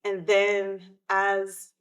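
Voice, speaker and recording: A woman, hosting a podcast and telling a personal story of grief in an emotional, animated way. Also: mid-range voice, extremely slow, clear, resonant tone. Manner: emotional, animated retelling with quoted outbursts. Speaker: podcast host.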